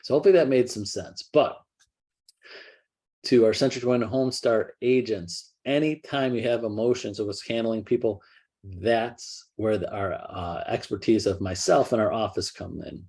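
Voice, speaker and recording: A middle-aged man with an American accent gives casual advice to agents. His voice is low and husky. He rambles, restarts his sentences and acts out what people say. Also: normal speed, dark tone. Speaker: real estate brokerage leader.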